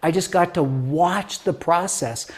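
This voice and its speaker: Animated storytelling man in his fifties. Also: a little high, measured pace. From Denver, USA. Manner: animated, acts out quoted voices with filler words. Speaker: guest author. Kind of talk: interview storytelling.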